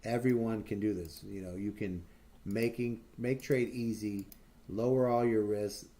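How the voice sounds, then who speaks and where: A man's voice: on the low side, steady tone, measured pace, mellow. A man hosting a livestream in casual chat, rambling and swearing a lot with many fillers and restarts, telling boastful, enthusiastic stories. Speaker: livestream host.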